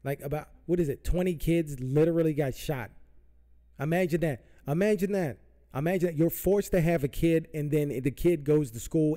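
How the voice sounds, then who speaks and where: A man's voice: fairly high pitch, warm tone. A man hosting a podcast, ranting heatedly about politics with lots of profanity and repetition. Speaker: podcast host. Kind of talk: political rant. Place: Southern California.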